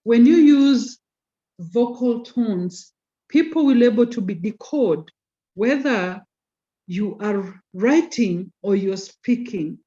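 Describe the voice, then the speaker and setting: A woman teaching a class online, slowing down to stress key terms and teasing students by name. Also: fairly high pitch, expressive, mellow. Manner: code-switches into Swahili, teasing students by name. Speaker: communication skills lecturer. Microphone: video call. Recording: lo-fi video call audio.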